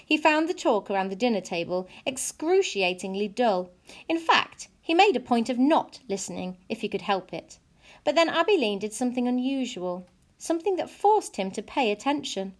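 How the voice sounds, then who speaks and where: A woman narrating a children's audiobook in an expressive, measured storytelling voice. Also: mid-range voice.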